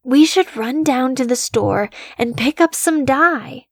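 A woman doing an unhinged man-child killer from a horror story, his voice pitched high and whiny like a small child's. The voice comes across close and dry, with a slow, drawn-out delivery that is deliberately creepy. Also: expressive, a bit bright, breathy edge, no room sound, full character voice. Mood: childish, eager.

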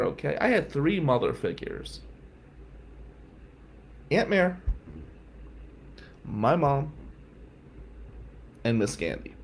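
A male podcast host telling a personal story in an animated way, swearing freely and loudly acting out what others said. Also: a little high, takes it slowly, vocal fry, pauses often, slight background noise.

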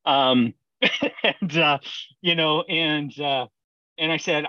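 A man's voice: fairly high pitch, fairly even intonation, measured pace, dry recording, dull audio. A man, a brewer, telling rambling stories in a casual interview and laughing often. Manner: rambling anecdotes with frequent laughter. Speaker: brewer, podcast guest.

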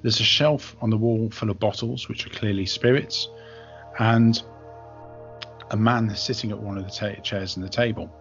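A man narrating as game master in an online tabletop game, relaxed and hesitant. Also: lowish voice, normal speed, dull audio, faint music behind. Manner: relaxed, hesitant, lots of ums.

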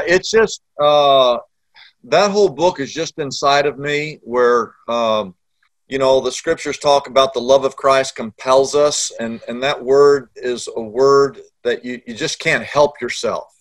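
A man's voice: medium pitch, unhurried. A middle-aged man, a pastor telling a story in an interview and acting out the dialogue.

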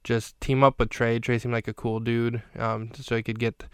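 A man's voice: mid-range voice, flat delivery, moderate pace, fairly bright tone, clean tone, no room sound. A man hosting a podcast, casually recapping a film scene by scene in a chatty, rambling way with dry jokes.

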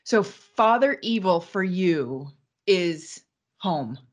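Female interviewer, slow unhurried delivery, thoughtful questions. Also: fairly low pitch, animated. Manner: measured, reflective questioning.

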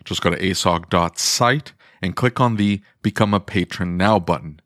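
A man with a fairly low voice hosts the podcast. He keeps it loose, throwing in playful, teasing remarks between points. The sound is dry and close. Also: a bit bright, dry recording. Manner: jokey, teasing, quick asides. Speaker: podcast host. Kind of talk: casual chat.

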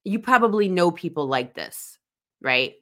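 A woman's voice: on the low side, animated, a little slow, bright, forceful tone. A woman in her forties, speaking as a podcast host in an earnest, personal monologue that leans on emphatic repetition. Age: 40s.

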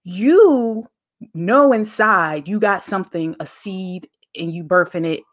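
A woman's voice: medium pitch, expressive, takes it slowly. A woman hosting a podcast, talking in a casual, preachy, faith-based monologue full of slang. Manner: conversational, preachy, uses slang and dialect grammar. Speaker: podcast host.

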